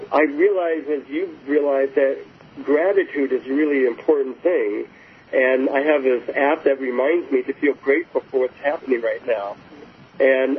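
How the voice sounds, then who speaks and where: A man guest talking casually and enthusiastically in an interview, telling anecdotes with frequent restarts. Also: medium pitch. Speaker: guest author. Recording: phone-like line with faint hiss.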